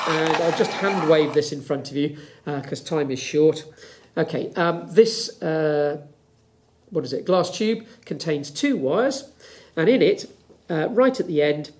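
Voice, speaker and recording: Chatty physics teacher, slightly high voice. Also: male voice, darkish tone. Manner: chatty, explaining step by step. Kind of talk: home lesson with demonstration.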